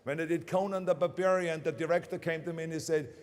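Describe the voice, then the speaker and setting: Man, 60s, German accent, motivational speech, emphatic, repeats lines for punch, fairly high pitch, long hall echo. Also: fairly even intonation, fast. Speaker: commencement speaker. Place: large ceremony venue.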